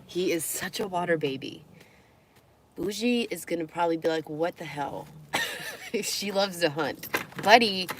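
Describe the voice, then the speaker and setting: A woman's voice: low voice, slight background noise. A woman live streaming, chatting casually and talking to her dogs, with squeamish outbursts.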